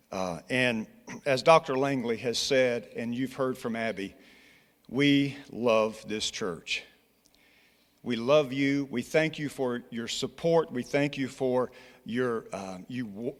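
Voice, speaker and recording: A Scottish man addresses a congregation in an earnest, exhorting way, restarting his phrases as he tells a story. His voice has a middle pitch. It rings with long reverb through a large church hall. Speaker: college church relations director. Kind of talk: church presentation with personal story. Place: church sanctuary.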